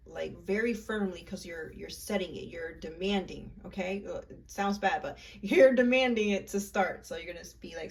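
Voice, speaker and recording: A woman's voice: medium pitch, a little fast, hardly any pauses. A woman vlogger casually explaining a ritual in a chatty, rambling way with lots of fillers. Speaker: spiritual vlogger. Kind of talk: casual instructional chat. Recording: voice a bit far from mic, faint room noise.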